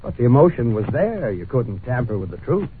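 A man acting as radio announcer, giving a scripted introduction in a smooth, genial way. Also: medium pitch, big pitch swings, fairly quick. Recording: scratchy lo-fi old radio broadcast.

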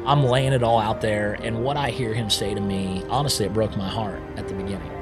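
A man recounts his personal testimony as a missionary, relaxed and conversational, peppering his sentences with "man" and "right?". Music plays clearly beneath his voice throughout. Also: on the low side, a little fast. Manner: casual, keeps saying "man" and "right?". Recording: music playing underneath.

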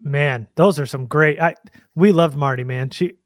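A man's voice: a little high, normal speed, no echo, clean studio sound. A man co-hosting a casual interview, eagerly asking chatty follow-up questions like a fan. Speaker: podcast co-host.

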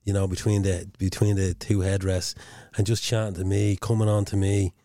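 A man's voice: low-pitched, level tone, moderate pace, warm tone, dry recording, studio quality. An Irish man telling rambling, sweary anecdotes in casual podcast chat.

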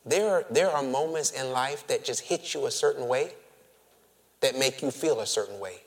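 A man preaching a sermon, moving from hushed, whispered lines to loud, emphatic calls, stretching words for emphasis and calling his listeners family. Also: mid-range voice, normal speed. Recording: long reverb of a large hall.

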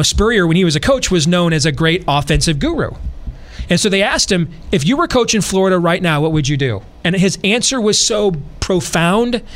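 A man with a fairly high voice hosts a podcast and talks in a lively, animated way. He circles back over his own phrases and builds each point through sports and battle analogies. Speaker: podcast host. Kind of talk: casual podcast talk.

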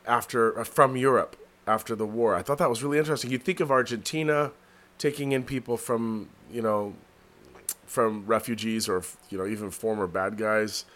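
A man's voice: on the low side, normal speed, a bit bright. A man hosting a casual podcast chat, rambling and heavy on fillers as he tells stories. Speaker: podcast host. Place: New York City.

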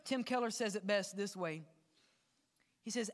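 A male pastor preaching a sermon to his congregation, dropping to hushed whispers and rising to emphatic peaks, speaking to them directly. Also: high-pitched, measured pace, long pauses, in a large hall. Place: church sanctuary.

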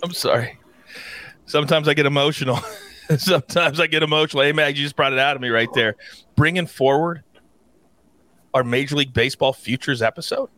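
A man hosting a sports betting show with energetic, playful hype and big swings in his delivery. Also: a little high, no room sound. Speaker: host.

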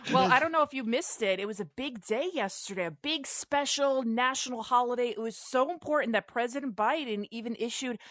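A young woman giving pointed opinion commentary on a radio show, brisk and direct. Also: a little high, fairly bright tone, dry recording. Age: young adult.

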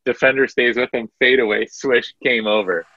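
A man co-hosting a casual sports podcast, retelling anecdotes in an animated storytelling way. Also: mid-range voice, normal speed, dry recording, dull audio. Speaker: podcast co-host.

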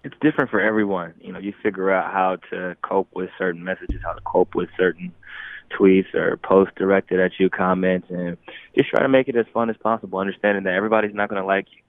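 A young man speaking as a guest in an interview, relaxed and chuckling often, sometimes restarting his phrases. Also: deep voice, fast talker, no room sound. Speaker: guest athlete. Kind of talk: casual interview talk. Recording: tinny phone line.

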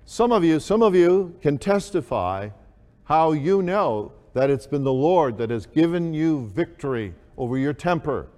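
A man preaching a sermon, slow and deliberate, with emphatic rises on key words. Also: a little high, very animated, mellow, long reverb tail. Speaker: pastor.

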